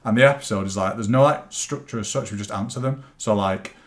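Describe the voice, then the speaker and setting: A man's voice: fairly low pitch, fast talker. Male co-host, teasing and jokey, rambling chat delivery. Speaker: podcast co-host, weight-loss coach. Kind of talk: casual podcast chat.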